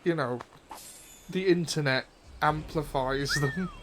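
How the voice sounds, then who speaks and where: A chatty man on a gaming livestream, talking casually and laughing easily. His voice sits a little higher than most men's, with faint noise behind him. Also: slow. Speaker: streamer co-host. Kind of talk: casual gaming stream chat.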